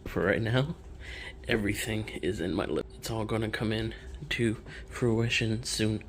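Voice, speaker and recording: A man's voice: fairly low pitch, steady tone, measured pace, a little hiss or hum. A young man, casually touring his home office in a vlog, his breathing audible as he talks.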